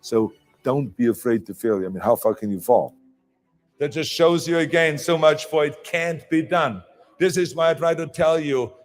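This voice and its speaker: An older man with a German accent giving an emphatic motivational speech, with small slips in his phrasing. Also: on the high side. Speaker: motivational speaker.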